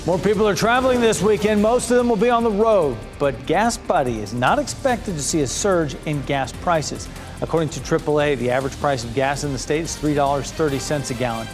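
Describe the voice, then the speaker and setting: A man anchoring a local midday newscast, reading stories in a brisk, upbeat way. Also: a little high, lively intonation, over music. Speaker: news anchor.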